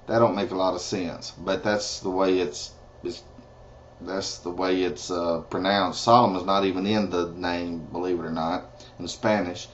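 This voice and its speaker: A man teaching a language lesson, pronouncing each word slowly and carefully and adding casual asides. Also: sits low, fairly even intonation. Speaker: Spanish teacher. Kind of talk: slow, deliberate language lesson. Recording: dull lo-fi recording.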